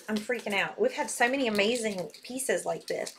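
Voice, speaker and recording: A woman hosting a live jewelry sale stream, excitable and reading buyer names aloud as she types. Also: fairly high pitch, normal speed, few pauses, slight background noise.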